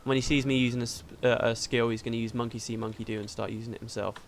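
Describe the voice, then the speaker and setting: A man's voice: mid-range voice, little pitch movement, very fast, vocal fry, slight background noise. A man hosting a let's play, chatting casually through the game and laughing easily.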